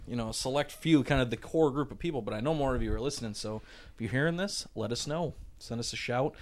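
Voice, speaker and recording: A man co-hosting a casual podcast, talking in a laid-back, hedging way with lots of fillers. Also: mid-range voice. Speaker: podcast co-host, runs the website. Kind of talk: casual chat.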